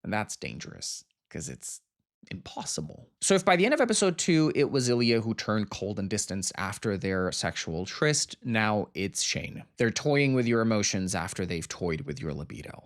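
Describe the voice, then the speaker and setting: A man hosting a casual commentary video at home, campy and animated, swinging from loud bursts to low mutters. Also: moderate pace, few pauses. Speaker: video essay host.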